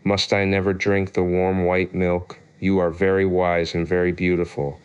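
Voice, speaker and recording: A man's voice: sits low, completely flat delivery, normal speed, clear, resonant tone, muffled recording, close to an everyday voice. A man voicing a sly, haughty male cat who walks by himself, in a storybook reading.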